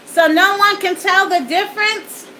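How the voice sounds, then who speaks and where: A woman's voice: very high voice, fairly even intonation, measured pace, pushed and bright, slight background noise, low-quality recording. A woman vlogger chatting folksily to her viewers while eating, at home in front of a backdrop and studio lights. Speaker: mukbang vlogger.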